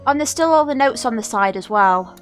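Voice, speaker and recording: A woman's voice: fairly high pitch, expressive, fairly quick, faint music behind. A woman streaming a game live, reacting emotionally and exclaiming at the screen, teary and near crying.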